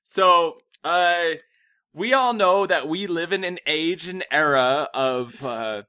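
Male co-host, relaxed banter; bright voice, stop-start phrasing. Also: fairly high pitch, clean tone. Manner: halting, full of uh and restarts, joking. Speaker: podcast co-host. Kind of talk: casual chat.

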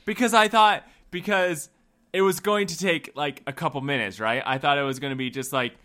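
A man's voice: a little high, fairly quick, bright, forceful tone. A man in his thirties, co-hosting a casual chat, telling stories in an easygoing way and laughing along. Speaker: podcast co-host.

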